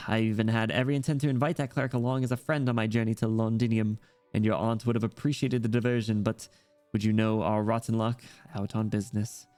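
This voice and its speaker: A man's voice: on the low side, level tone, quick pace, darkish tone, clean tone, close to an everyday voice. A man voicing a pompous older noble uncle in a game story, reading it in a mock-British manner over faint music. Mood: stately.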